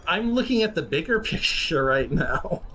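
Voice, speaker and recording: A man's voice: fairly high pitch, very animated, moderate pace, bright, forceful tone, faint music behind, poor audio. A man playing a tabletop game in casual chat, fretting aloud about what comes next. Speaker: player.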